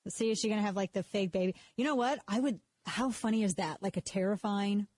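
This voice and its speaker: A woman's voice: mid-range voice, a little fast, darkish tone, dry recording. Sarcastic woman hosting talk radio, dry studio sound. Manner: sarcastic, mocks others in put-on voices; self-interrupting, repeats words when restarting. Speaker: radio show host. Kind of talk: casual talk radio monologue.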